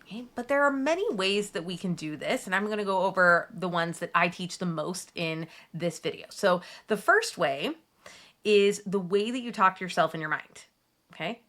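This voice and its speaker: A woman in her thirties, a Catholic mom coach, talking straight to her viewers in a chatty, gently soothing way. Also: medium pitch. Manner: warm, chatty, gently soothing self-talk asides. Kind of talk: direct-to-camera advice talk.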